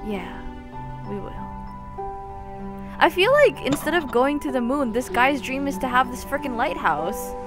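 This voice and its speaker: A young woman giving casual commentary while playing a game, chatty and jokey with sudden loud outbursts. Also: high voice, sing-song, normal speed, few pauses, music in the background. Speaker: let's play gamer.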